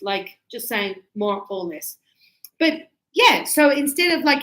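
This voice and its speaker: A woman teacher explaining grammar to students in a classroom, animated and emphatic, acting out little dialogues. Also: on the high side, unhurried. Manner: emphatic, teasing. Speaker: English teacher. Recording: echoey room.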